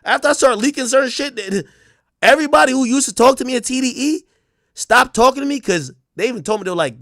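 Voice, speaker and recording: Animated high-voiced Jamaican man ranting. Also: quick pace, no room sound, clean studio sound. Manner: animated, blunt, repeats words when getting going. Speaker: streamer and media personality. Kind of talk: casual livestream rant.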